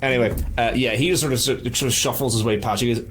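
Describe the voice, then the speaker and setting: A man's voice: medium pitch, steady tone, fast talker, few pauses. Brief: a rambling, self-deprecating male game master with a mid-range voice, faint background hiss. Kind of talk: narrating a tabletop game.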